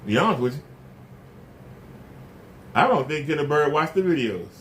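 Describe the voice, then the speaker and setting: Here the same kind of channel host vents at the camera, repeating rhetorical questions in an indignant tone. He speaks at a normal speed with a fairly high, animated voice, and a little hiss or hum sits under the recording.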